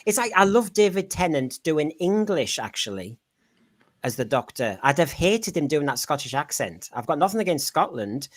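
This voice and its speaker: A woman's voice: sits low, big pitch swings, normal speed. A woman hosting a podcast, leading a casual discussion in a chatty, playful, self-mocking way. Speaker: podcast host.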